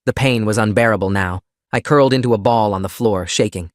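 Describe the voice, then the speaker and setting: Low-voiced male story narrator. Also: a little fast, no room sound, studio quality. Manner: steady, plain reading. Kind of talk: first-person storytime narration.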